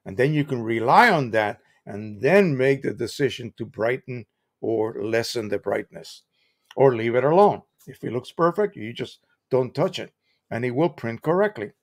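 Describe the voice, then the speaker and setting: A man's voice: medium pitch, animated, moderate pace. An American man hosting a live stream, explaining printing in a chatty, casual way with examples and restarts.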